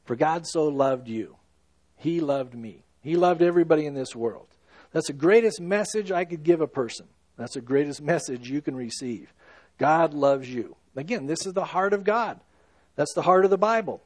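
A man preaching a sermon in an earnest, emphatic way, swinging between loud stresses and hushed, slow lines. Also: fairly high pitch, dry recording. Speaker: pastor.

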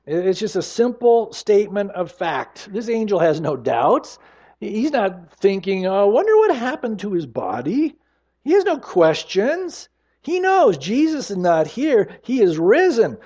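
Male pastor, high-pitched, emphatic sermon delivery, muffled recording. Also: sing-song, warm tone. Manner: emphatic preaching, slows down to stress scripture lines.

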